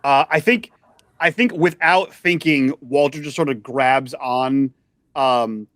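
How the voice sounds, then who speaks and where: A man playing a tabletop horror game, speaking tentatively and slowly with fillers. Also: mid-range voice, fairly bright tone, no room sound, studio quality. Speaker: player. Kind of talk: casual tabletop play.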